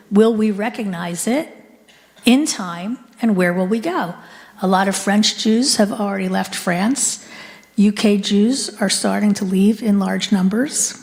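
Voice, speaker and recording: A woman's voice: medium pitch, measured pace. Middle-aged woman, guest speaker, talking to an audience in a hall with a long echo. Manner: conversational, engages the audience with questions. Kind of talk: talk to a live audience. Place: synagogue hall. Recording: long hall reverb from a live room.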